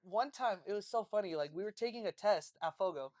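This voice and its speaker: A woman co-hosting a casual chat, telling a story in an animated way, swearing and laughing a lot. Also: medium pitch, a little fast, no room sound, clean studio sound. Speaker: podcast co-host.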